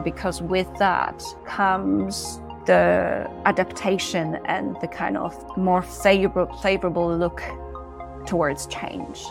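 A woman appears as a guest on a podcast, speaking in a slightly low voice with a noticeable creak. She builds her points in a thoughtful, measured way, with faint music underneath. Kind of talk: conversational interview.

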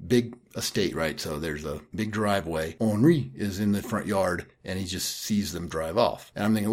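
A man with a low, slightly husky voice retells a film for his podcast in a relaxed, casual way. He keeps stopping the plot summary to toss in dry, sarcastic comments on what the characters do. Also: fairly quick, hardly any pauses. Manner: dry, mocking asides while retelling a film. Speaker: podcast host.

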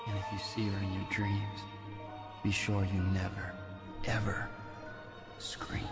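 An actor playing a grim teller of a ghost legend, speaking in a slow, ominous, flat way in a horror film clip. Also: male voice, lowish voice. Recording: reverberant film clip with loud music. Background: loud eerie music.

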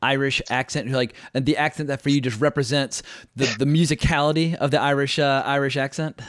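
A man's voice: mid-range voice, fairly even intonation, a little fast, no room sound, studio quality. An American man hosting a podcast, asking eager questions and praising the films he talks about. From United States. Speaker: podcast host. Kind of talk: casual podcast conversation.

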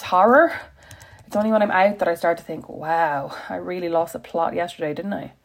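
Gravelly, husky woman reading wryly. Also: on the low side, darkish tone. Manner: wry, self-deprecating, confessional. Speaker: blogger reading her own post. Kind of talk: reflective personal reading.

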